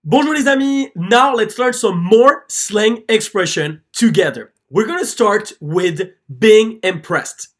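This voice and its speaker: A slow-paced teacher narrates slides. The voice rises and falls a lot as each phrase is drilled clearly for learners to repeat. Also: mid-range voice, lively intonation. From France. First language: French. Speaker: French teacher. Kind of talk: scripted slide-based lesson narration.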